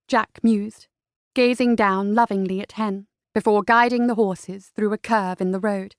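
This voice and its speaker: Brief: female audiobook narrator, mid pitch, measured delivery, dry close sound. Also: steady tone, clean tone, no echo. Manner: measured storytelling. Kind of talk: scripted narration.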